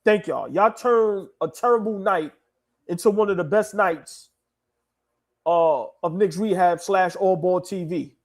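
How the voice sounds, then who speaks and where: A man's voice: sits high, measured pace. A young man co-hosting a live sports stream, sentimental and repeating himself as he thanks viewers. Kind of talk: emotional live stream chat.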